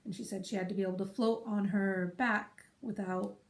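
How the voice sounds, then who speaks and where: A woman's voice: mid-range voice, fairly even intonation, normal speed, creaky, echoey room. A woman hosting her podcast from a room at home, chatting casually in a rambling way and breaking off for side remarks. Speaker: podcast host. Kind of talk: casual chat.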